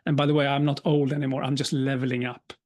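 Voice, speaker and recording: A man, giving a live talk as a speaker and telling a personal story with humor and quick asides. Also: medium pitch, flat delivery, darkish tone. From Sweden. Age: 50s. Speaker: keynote speaker.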